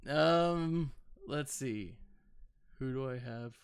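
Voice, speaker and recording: A man's voice: medium pitch, drawn-out words, clean tone. A man in his thirties, a gaming channel host, giving casual, rambling gameplay commentary with self-mocking asides and playful sound effects.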